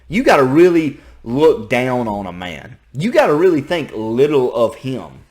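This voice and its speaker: Animated Southern man reacting. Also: mid-range voice, moderate pace, few pauses. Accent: Southern American. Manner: animated, repeats himself, thinks out loud. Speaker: reaction video host. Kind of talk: casual reaction commentary.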